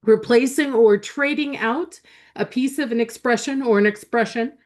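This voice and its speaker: A woman's voice: fairly high pitch, moderate pace. A woman hosting a live math webinar over a computer mic. She talks in a chatty, enthusiastic way, with lots of fillers and laughs as she reads the chat aloud.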